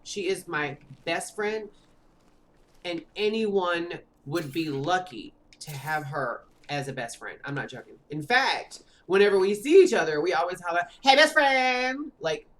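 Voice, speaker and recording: Woman, low voice, game streamer, casual rambling chat, lots of fillers. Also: a little slow. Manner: chatty, rambling, full of "like" fillers. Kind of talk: casual chat while gaming. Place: home.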